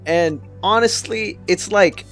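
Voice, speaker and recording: A man's voice: high voice, takes it slowly, faint music behind. A man in his twenties telling stand-up stories in a casual, rambling way, often swearing. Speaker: comedian. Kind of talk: stand-up storytelling.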